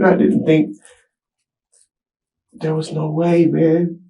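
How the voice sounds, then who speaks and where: A man speaking in a recorded police interview with a dark, mellow voice. He rambles and restarts his sentences, filling gaps with "you know what I'm saying". The old interview tape has an echoey room sound. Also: a little high, completely flat delivery, slow pace, gravelly. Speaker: suspect being interviewed by detectives.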